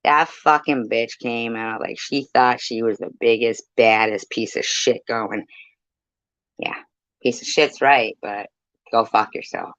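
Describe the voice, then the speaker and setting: A woman's voice: a bass voice, fairly even intonation, a little slow, no room sound. A woman streamer talking to her viewers in a blunt, heated, profane rant. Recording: dull, lo-fi, dry mic.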